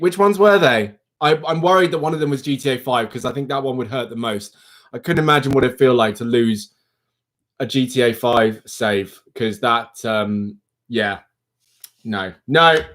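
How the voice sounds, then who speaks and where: A young man hosting a livestream, chatting casually with viewers in an animated, rambling way. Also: mid-range voice. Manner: chatty, animated, self-interrupting. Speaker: livestream host. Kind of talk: casual live chat with viewers.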